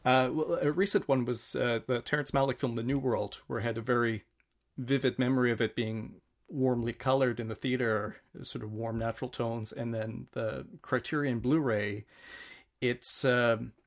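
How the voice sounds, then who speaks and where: Male interviewer, mid-pitched, reflective and hesitant, conversational. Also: fairly even intonation, normal speed. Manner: thoughtful, hesitant, with fillers. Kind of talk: conversational discussion.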